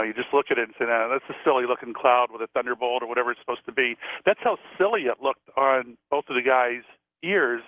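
A man from Florida, a psychic and former police officer, telling stories in a chatty, animated way as a radio guest. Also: mid-range voice, dry recording. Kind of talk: storytelling on a call-in radio show. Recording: tinny phone line.

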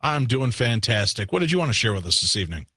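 A man hosting a late-night call-in radio show, talking in a measured, patient way with frequent fillers. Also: mid-range voice, very animated, pushed and bright, breathy edge, no room sound, clean studio sound. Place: radio studio. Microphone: studio microphone.

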